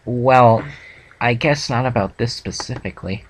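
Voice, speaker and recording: A man's voice: mid-range voice, unhurried, a little hiss or hum, lightly acted. A man reading as a stammering shy unicorn. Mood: flustered. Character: shy flustered young female unicorn student. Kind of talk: reading a fanfic aloud.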